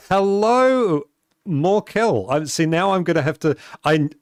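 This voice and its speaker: A man's voice: a little high, expressive, takes it slowly, dry recording. Chatty male game streamer, dry close mic. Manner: chatty, laughs often, reads and answers chat aloud. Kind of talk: casual live-stream chat while playing.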